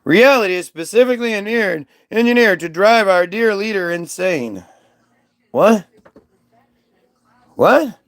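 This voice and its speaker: A man's voice: high-pitched, expressive, fairly quick, few pauses, clean tone. A man hosting a livestream, rambling and swearing while reading things aloud from his screen. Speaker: livestream host.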